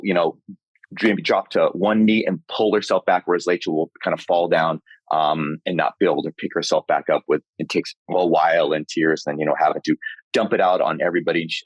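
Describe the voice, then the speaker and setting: A man with a very low voice speaks as a podcast guest, recorded close and dry. He rambles in a relaxed way, restarting his sentences as he thinks aloud. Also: dry recording, dull audio. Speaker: podcast guest, dating coach. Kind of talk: casual podcast chat.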